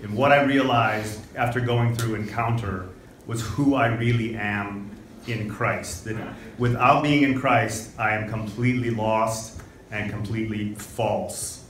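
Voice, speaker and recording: A man's voice: fairly low pitch, steady tone, a little slow, fairly bright tone, a little hiss or hum. A man from Ohio giving an earnest, confessional testimony of faith with repeated phrases. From Ohio, United States. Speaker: retreat participant giving testimony. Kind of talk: personal testimony. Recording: echoey room, far from the mic.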